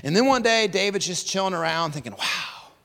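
Man, pastor, high-pitched, gravelly edge, lively casual sermon, swings loud to hushed, echoing hall. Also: quick pace. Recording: long reverb of a large hall.

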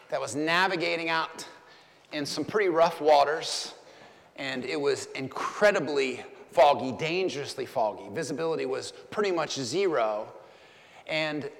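A man's voice: on the high side, vocal fry, fairly bright tone, long reverb tail. A male pastor preaching a sermon in a church, telling a story and building his points with emphatic, rhythmic repetition.

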